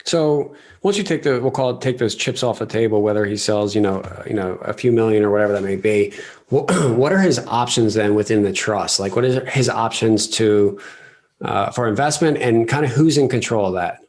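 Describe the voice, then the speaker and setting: Low-voiced male podcast host. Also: fairly quick, darkish tone. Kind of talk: interview questions.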